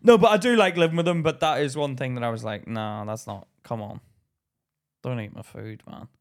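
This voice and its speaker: A young man, co-hosting a casual podcast and telling stories in an animated way. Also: medium pitch, fairly quick. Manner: animated storyteller, acts out voices loudly. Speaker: podcast co-host. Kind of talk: casual chat.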